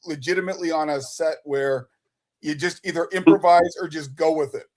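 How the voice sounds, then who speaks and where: A man's voice: on the high side, steady tone, a little fast, darkish tone. A man hosting a podcast, asking his guest long, rambling questions in casual conversation. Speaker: podcast host. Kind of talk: casual interview.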